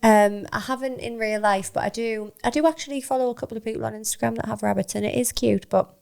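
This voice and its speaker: A woman, co-hosting a casual podcast with teasing, quick banter and laughter. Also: fairly high pitch, gravelly, a little mellow, clear, resonant tone. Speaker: podcast co-host. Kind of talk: casual chat.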